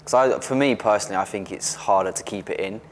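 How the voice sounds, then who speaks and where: A British athlete in his twenties is a guest in a casual interview, speaking openly and animatedly while frequently restarting his sentences. He has a fairly low voice and talks fast. There's slight background noise.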